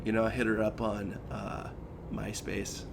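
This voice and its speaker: A man's voice: fairly low pitch, measured pace, gravelly, background noise. A man in his thirties, a podcast co-host, telling a personal story in casual chat and acting out the lines he quotes. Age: 30s. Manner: animated, acts out quoted lines, says "dude" and "like" a lot.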